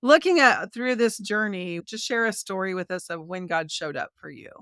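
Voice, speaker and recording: A woman's voice: medium pitch, expressive, moderate pace, a bit bright, clear, resonant tone, no echo, studio quality. A woman hosting an interview podcast, asking encouraging, faith-focused questions. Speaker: podcast host.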